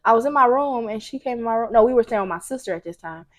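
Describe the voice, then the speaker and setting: Young woman host, slightly high voice, lively storyteller, casual podcast chat. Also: fast. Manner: animated storytelling, acting out quotes.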